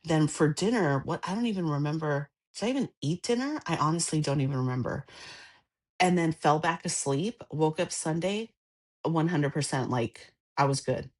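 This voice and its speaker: A woman co-hosting a podcast, talking in an expressive, chatty way. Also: low-pitched, normal speed. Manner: expressive, gasps and laughs, chatty. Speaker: podcast co-host. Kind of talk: casual chat.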